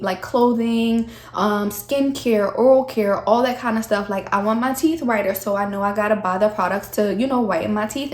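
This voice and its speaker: A young woman, talking candidly to camera in a casual vlog, her voice a little shaky from the cold. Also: mid-range voice. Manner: chatty, candid, addresses viewers as y'all. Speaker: vlogger. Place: chilly room at home. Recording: echoey room.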